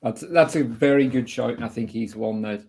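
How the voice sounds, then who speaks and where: A young man hosting a casual football podcast, chatty and opinionated, putting quick-fire questions to his guest. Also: mid-range voice, gravelly, darkish tone, slightly rough. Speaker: host.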